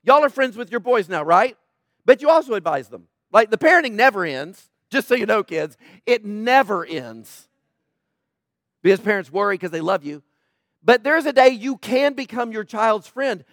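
A middle-aged man preaching with an unusually high voice, pressing each point home and asking the congregation to say it back. The sound is dry and close, with no room echo. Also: big pitch swings, moderate pace, fairly bright tone. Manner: emphatic, repeats key points and asks the audience to respond. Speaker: pastor. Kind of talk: sermon.

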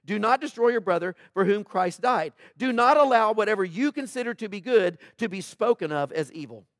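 Man, pastor, sermon, high voice, dry close sound, conversational preaching, loud pleas and quiet stresses. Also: expressive, a little fast, dry recording. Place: church.

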